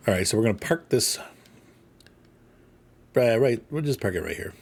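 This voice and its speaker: A man chats loosely through his gameplay, his pitch bouncing widely as he jokes with himself. He rambles in an easy, offhand way. His asides stay goofy and unhurried. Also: animated, vocal fry, a little mellow, husky. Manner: rambling, playful, jokey asides. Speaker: gaming channel host. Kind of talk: casual gameplay commentary.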